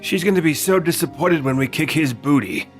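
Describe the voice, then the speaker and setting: A man playing in a tabletop game, excitable and quick to laugh. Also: a little high, faint music behind. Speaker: player. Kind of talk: casual tabletop banter.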